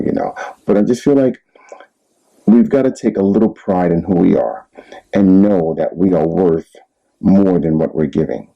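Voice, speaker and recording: A man's voice: sits low, gravelly, warm tone, lo-fi sound. A man giving relationship advice in a candid, rambling monologue, laughing at himself now and then. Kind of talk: casual monologue.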